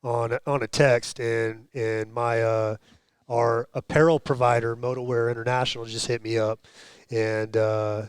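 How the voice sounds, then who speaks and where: A man's voice: medium pitch, flat delivery, a little slow, clean tone, no room sound. A male host leading a casual talk show, joking and restarting his words often. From United States. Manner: stammering restarts, jokey. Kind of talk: casual chat.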